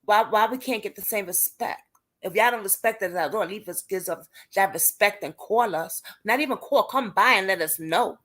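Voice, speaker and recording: A fairly bright, mid-range female voice moves at a moderate pace. She's a young woman from Brooklyn, New York, with the accent to match, hosting a casual advocacy livestream where she talks to viewers by name, emphatic and indignant.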